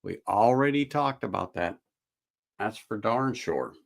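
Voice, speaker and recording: A man's voice: fairly low pitch, lively intonation, unhurried, gravelly. A middle-aged man hosting a casual whiskey livestream, rambling in a folksy way and answering viewers' comments. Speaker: whiskey channel host.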